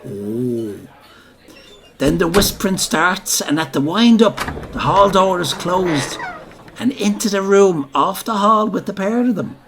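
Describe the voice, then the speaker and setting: Over background noise, an actor voices an older Dublin man in a comic theatrical monologue, unhurried and high-pitched with lively intonation. The character rambles through a boastful pub story, breaking off for colloquial remarks to his audience.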